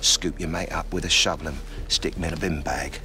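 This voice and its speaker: A man's voice: a bass voice, fairly even intonation, brisk, background noise. A man voicing a blunt, swearing army sergeant in a fan dub of film scenes. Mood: grim storytelling. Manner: gruff, swearing, commanding. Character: hardened male army sergeant, middle-aged, blunt. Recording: loud background film music.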